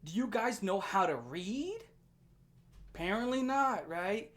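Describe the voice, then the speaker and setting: Lively young woman ranting. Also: medium pitch, a little slow. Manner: animated, profane, laughing often. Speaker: commentary channel host. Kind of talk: ranting commentary.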